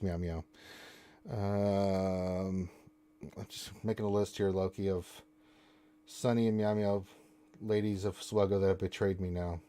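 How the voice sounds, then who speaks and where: A man's voice: on the low side, darkish tone. A man hosts a casual live stream and talks straight into a desk mic. He answers questions from chat and ribs his viewers and co-host with playful, mock-offended banter.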